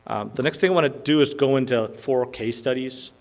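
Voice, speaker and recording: A man giving a business presentation to a lunch audience, talking in a casual, filler-heavy way and often checking in with "right?". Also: fairly quick. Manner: filler-heavy, conversational pitch with frequent "um" and "right?". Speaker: company presenter.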